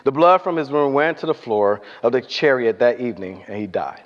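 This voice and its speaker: A man preaching a sermon, telling a Bible story in a lively way, acting out the voices and asking the congregation questions. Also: medium pitch, fairly quick. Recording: dull lo-fi sound with long hall reverb.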